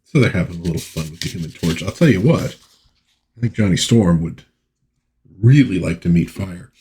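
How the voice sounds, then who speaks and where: A man's voice: low-pitched, animated, normal speed, mellow, breathy edge. A man casually recapping a vintage comic book issue, chatty and amused, joking to himself as he reads panels aloud.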